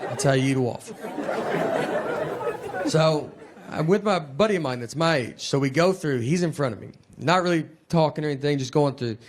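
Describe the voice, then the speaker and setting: A man doing a stand-up comedy set, telling stories in a deadpan, low-key manner. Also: normal speed. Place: live venue with laughing audience. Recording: loud crowd laughter and noise.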